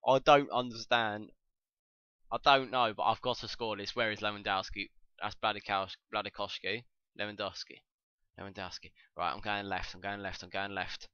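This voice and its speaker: A young man giving excitable, sweary commentary over his own gameplay, breaking into shouts. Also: lowish voice, a little slow, clear, resonant tone, dry recording. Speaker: gaming channel host. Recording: dull lo-fi dry mic.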